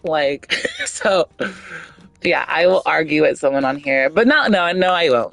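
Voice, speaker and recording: A woman's voice: sits low, wildly swooping pitch, unhurried, vocal fry, fairly bright tone. Blunt, outspoken woman streamer. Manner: blunt, outspoken, swears freely, rambles with many fillers. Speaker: gaming streamer. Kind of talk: casual stream chat.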